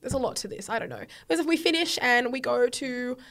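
A high-pitched young woman chats as a podcast guest. She tells her story in a lively, animated way and acts out the quoted dialogue with sudden loud bursts. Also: fast. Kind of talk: casual chat, storytelling.

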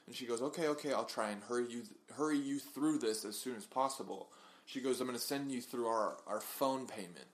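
A man's voice: mid-range voice, brisk. Young man telling a story on a podcast. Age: young adult. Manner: animated storyteller acting out quoted people. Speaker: podcast co-host. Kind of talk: casual storytelling chat.

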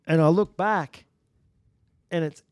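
A man's voice: a little high, slow, darkish tone, clear, resonant tone, no room sound, studio quality. A man from Australia with an Australian accent, a podcast guest rambling through anecdotes with false starts and chuckles. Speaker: podcast guest, retired bull rider. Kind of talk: casual storytelling.

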